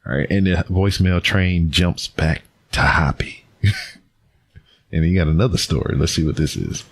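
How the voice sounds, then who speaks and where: A man's voice: sits low, unhurried, breathy edge. A man hosting a podcast, laid-back and joking while playing voicemails. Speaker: podcast host. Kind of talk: casual chat.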